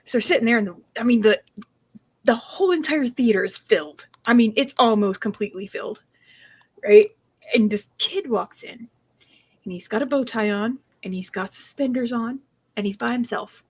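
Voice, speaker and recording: A young woman with a fairly high voice chats casually and laughs often. She tells stories with bounce and playfully coaches her co-host through foreign phrases. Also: normal speed, breathy edge. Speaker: streamer chatting with a co-host. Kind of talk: casual chat.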